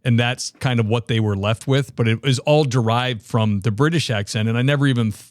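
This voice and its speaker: A man's voice: mid-range voice, a little fast, no echo, clean studio sound. A man from the Boston area hosting an interview, chatty and enthusiastic with lots of fillers. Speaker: podcast host. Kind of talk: casual interview chat.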